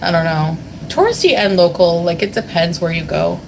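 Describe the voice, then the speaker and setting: A woman's voice: on the low side, lively intonation, normal speed, creaky, background noise. Giggly chatty woman on a livestream. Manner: giggly, chatty, many fillers. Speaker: vlogger reading chat. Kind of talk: casual livestream chat. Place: hotel room.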